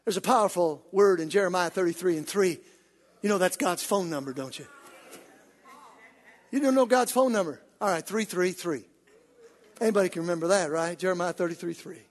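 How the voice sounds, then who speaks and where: A man preaching a sermon to his congregation, building up to shouts and calling on the church to answer. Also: high-pitched, brisk, pauses often. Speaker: pastor. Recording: hall reverb.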